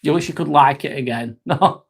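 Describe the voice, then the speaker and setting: A man's voice: a little high, brisk, gravelly, husky. A man hosting a casual live stream, joking, laughing often and answering chat comments.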